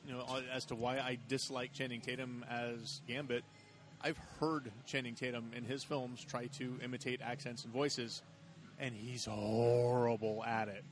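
A male co-host on a casual podcast who argues his case in a flat, level voice at middle pitch. He sticks to his points without much rise and fall. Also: normal speed. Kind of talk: casual chat.

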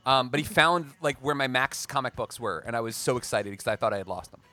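Excitable guy rambling on a podcast, talks fast, bright voice. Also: mid-range voice, faint music behind. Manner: rambling, excitable, self-deprecating. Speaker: podcast co-host. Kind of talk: casual chat.

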